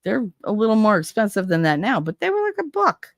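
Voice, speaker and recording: A woman's voice: mid-range voice, big pitch swings, brisk, creaky, no echo, studio quality. A middle-aged woman, chatting casually with viewers and telling stories with swearing and laughs. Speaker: livestream host.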